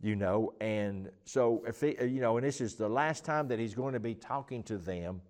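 A man's voice: fairly low pitch, normal speed, a little mellow. Rambling, emphatic man teaching the Bible. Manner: rambling, emphatic, many restarts and fillers. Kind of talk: informal Bible teaching chat.

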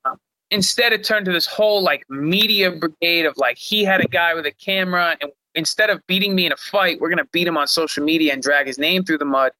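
Bright high-voiced young man telling a story. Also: fairly quick, dry recording, low-quality recording. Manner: animated, frequent "like" fillers, profane. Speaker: guest, fighter. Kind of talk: casual storytelling.

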